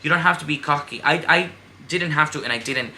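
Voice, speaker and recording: A woman's voice: deep voice, fast, sharp tone, a little hiss or hum. A woman in her twenties chatting candidly and emphatically while doing her makeup, swearing freely. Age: 20s. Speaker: beauty vlogger. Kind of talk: casual get-ready-with-me chat.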